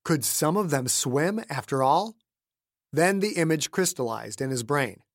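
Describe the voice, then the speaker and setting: A man's voice: fairly high pitch, animated, a little slow, dry recording, clean studio sound. Male narrator, dramatic audiobook reading. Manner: dramatic, shifting between hushed and shouted voices. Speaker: author and narrator.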